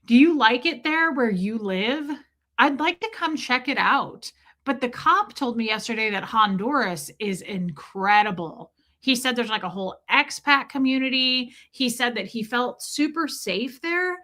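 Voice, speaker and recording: A middle-aged woman from the United States hosting a casual livestream, telling stories animatedly and greeting viewers from chat. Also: a little high. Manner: chatty, animated storytelling, reads chat comments aloud. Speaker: livestream host.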